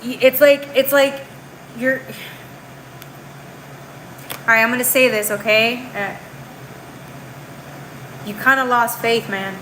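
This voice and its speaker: This tarot reader talks slowly and pauses often, her slightly high voice steady in tone and a bit bright. The recording is low quality with a little hiss or hum. Reading live, she's chatty and slangy, calling the viewer girl and bro, adding "right?" to her lines, and often restarting or trailing off mid-phrase.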